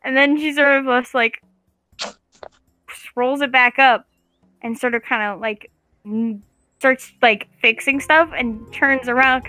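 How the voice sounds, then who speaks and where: Woman, game master narration, bright and forceful, slightly high, rambling, many fillers. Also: steady tone, unhurried, long pauses, faint music behind.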